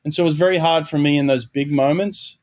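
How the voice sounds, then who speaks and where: A man's voice: fairly high pitch, fast, a little mellow. A middle-aged Australian man, a swim coach and guest, speaks candidly and reflectively in a podcast interview, restarting phrases and adding "you know".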